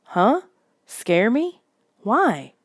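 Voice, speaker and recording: A woman's voice: very animated, very slow, no echo, clean studio sound, full character voice. Woman voicing a frantic, stammering scared kid. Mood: accusing. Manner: stammering, high and pleading. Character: frightened young kid, frantic and accusing.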